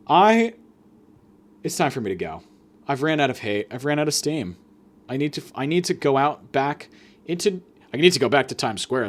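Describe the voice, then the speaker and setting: A podcast host with a mid-range voice does a comic solo rant that's profane and sarcastic. He swings between loud, mock-angry jabs and muttered asides.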